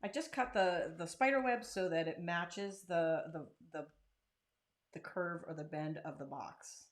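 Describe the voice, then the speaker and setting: Craft channel host, woman, lowish voice, chatty and self-deprecating, casual tutorial. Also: measured pace. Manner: chatty and self-deprecating, talks while working.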